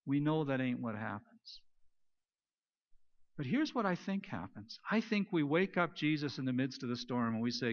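A pastor preaching a sermon, retelling stories and moving between loud emphasis and soft, hushed lines. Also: male voice, mid-range voice, expressive, normal speed. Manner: storytelling, swings between loud emphasis and near-whispered quiet. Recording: dull lo-fi recording.

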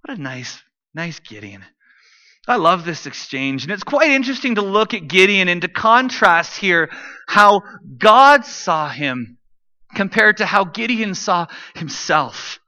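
A man's voice: high voice, lively intonation, measured pace, pushed and bright, muffled recording. A man preaching a sermon from the stage, conversational and dropping joking asides to the congregation. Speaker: pastor.

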